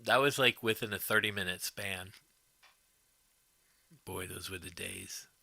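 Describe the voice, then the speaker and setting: A man's voice: low-pitched, fairly even intonation, a little slow, gravelly, bright, forceful tone. A man hosting a livestream, telling casual rambling stories to his viewers, chuckling often and swearing freely. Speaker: livestream host.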